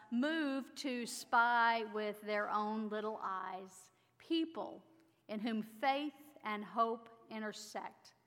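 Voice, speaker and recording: A woman pastor giving a sermon, speaking in a measured, reflective storytelling manner. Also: a little high, fairly bright tone, long reverb tail.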